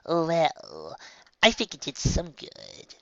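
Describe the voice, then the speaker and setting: A woman's voice: deep voice, huge pitch swings, takes it slowly, no room sound, pitched above the performer's own voice, full character voice. A woman voicing a once-boastful young female unicorn who sometimes calls herself by name, recorded on a dull lo-fi home setup. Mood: earnest. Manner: speaks of herself in third person at times, soft storytelling.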